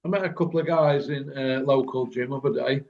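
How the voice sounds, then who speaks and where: A man with a Birmingham accent hosting a casual online chat, blunt and rambling, quick to laugh. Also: mid-range voice, steady tone, gravelly, a little mellow. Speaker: host. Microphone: video call. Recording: muffled lo-fi video call audio.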